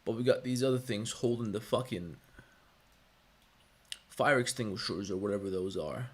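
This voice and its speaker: A man's voice: on the low side, normal speed, breathy edge. A man chatting casually on a live stream, giving blunt, profane advice in a lecturing way.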